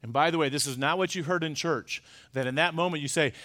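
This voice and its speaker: Middle-aged man, pastor preaching, fairly high voice, urgent peaks and hushed asides. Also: fast. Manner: emphatic, swings between loud urgent stresses and quiet confiding asides. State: choked up. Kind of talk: sermon.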